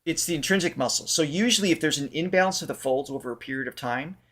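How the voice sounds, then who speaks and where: A man who is a vocal coach and show host, explaining how the voice works with everyday analogies in a relaxed reaction chat. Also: a little high, fast.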